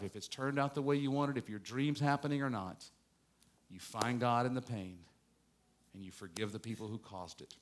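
Male pastor preaching a sermon. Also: mid-range voice. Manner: preaching with strong rises and falls, mock-gloating asides.

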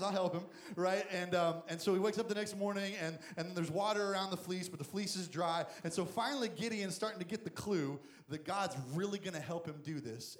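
Youth pastor, male, high voice, lively and comic storyteller from the pulpit, echoey room. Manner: animated, jokey, voices the characters. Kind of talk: lively sermon with acted-out Bible characters.

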